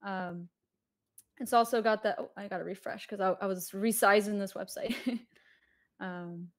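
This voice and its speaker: A woman's voice: mid-range voice, steady tone, moderate pace. A woman co-hosting a livestream product demo, playful and chatty, often laughing. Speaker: co-host.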